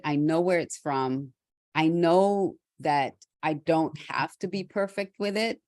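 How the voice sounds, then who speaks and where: A middle-aged woman from Trinidad hosting a motivational talk, speaking candidly and reflectively with restarts and soft laughs. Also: low-pitched, no room sound, clean studio sound. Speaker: host.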